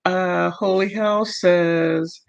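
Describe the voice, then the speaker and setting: Over faint background music, a livestream host with a high, gravelly voice talks very slowly with fairly even intonation. He reads chat comments and works himself into an emotional, heated state, repeatedly pausing to apologize and correct himself. The audio quality is dull and lo-fi.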